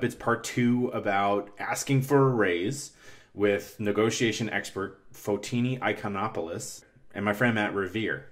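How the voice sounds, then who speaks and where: A man hosting a podcast, chatting casually and reading ads in a rambling, self-correcting way. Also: on the low side. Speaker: podcast host. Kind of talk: casual podcast chat and ad read.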